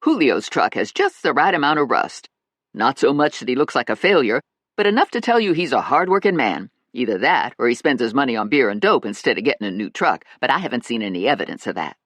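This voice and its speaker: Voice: medium pitch, big pitch swings, fast talker, a bit bright, dry recording. A narrator voicing a brash, self-assured woman friend in an audiobook, emphatic and dramatic. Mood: sassy.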